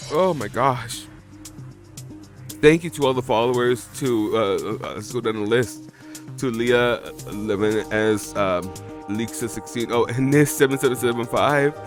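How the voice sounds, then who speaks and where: A man's voice: mid-range voice, a little slow, soft background music. A man streaming live, emotional and teary from crying, rambling as he reads out follower names. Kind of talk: live watch-along reaction stream.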